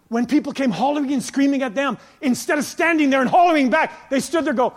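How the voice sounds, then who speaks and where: A male pastor preaching a sermon with passion, moving between loud emphatic lines and quiet storytelling. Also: very high-pitched, fast talker, few pauses. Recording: long hall reverb.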